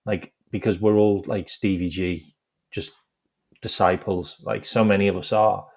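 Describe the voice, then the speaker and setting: His voice sits low, a little mellow and creaky, steady in tone and a bit slow. He's a man running a football fan channel, rambling through casual live-stream chat, overusing "like" and laughing as he recounts stories.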